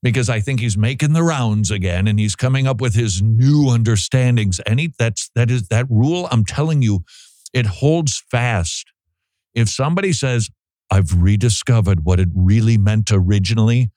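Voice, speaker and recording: A man's voice: medium pitch, expressive, moderate pace, a little mellow, dry recording. A man hosting a talk show, giving sarcastic, mocking commentary with laughing asides. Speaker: host.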